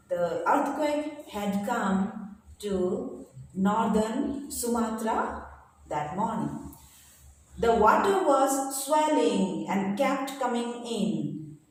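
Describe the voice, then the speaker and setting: A woman teacher, slowly reading a textbook chapter to pupils and explaining each word in simple terms, with pauses and fillers. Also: on the high side, darkish tone, distant mic. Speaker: school teacher. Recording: echoey room, voice from away from the mic, faint noise.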